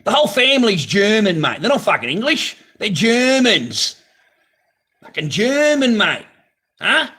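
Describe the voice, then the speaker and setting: A man's voice: sits high, big pitch swings, moderate pace, bright, forceful tone. A man hosting a live stream from his garage on a phone camera, talking casually in a blunt, profane, ranting way. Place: home garage.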